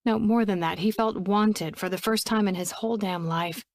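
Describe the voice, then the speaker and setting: A woman narrating a romance audiobook in a steady, even storytelling voice on a close studio mic. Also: medium pitch, moderate pace, dry recording.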